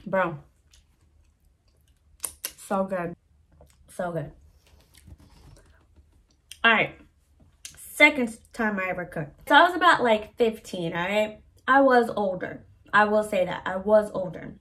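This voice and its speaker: A woman's voice: medium pitch, expressive, moderate pace, fairly bright tone. A woman vlogger telling a personal story in a slangy, laid-back, self-mocking way. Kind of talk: casual storytelling.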